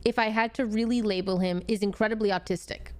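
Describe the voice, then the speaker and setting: A woman's voice: medium pitch, fairly even intonation, fast talker. A woman in her twenties from Washington state, a streamer casually telling a story in a chatty, rambling way. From Washington state, USA. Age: 20s. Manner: chatty, rambling, full of fillers and restarts.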